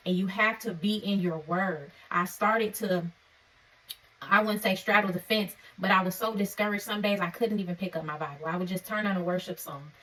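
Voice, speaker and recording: A woman's voice: medium pitch, normal speed, sharp tone. Earnest woman preaching from a distance. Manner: earnest, preacherly, punctuates points with "okay?"; conversational and informal. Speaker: faith vlogger. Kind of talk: encouraging devotional vlog talk.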